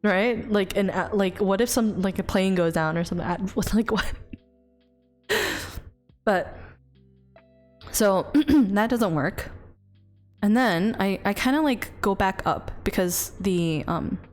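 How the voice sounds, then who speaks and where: A woman streamer casually telling a long story, rambling and lively, with many restarts and some swearing. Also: mid-range voice, slow, long pauses. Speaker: VTuber streamer. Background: faint background music.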